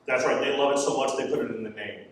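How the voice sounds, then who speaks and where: A man's voice: mid-range voice, fairly even intonation, quick pace, very noisy. A man from Florida doing a stand-up comedy set on stage, talking in a wry, conversational, self-deprecating way. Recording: echoey club from a distance. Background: audience laughter.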